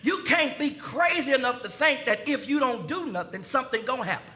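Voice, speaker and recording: A pastor, preaching a sermon in a folksy style, speaking to his congregation and building to shouts. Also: very high-pitched, animated, fairly quick. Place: church sanctuary.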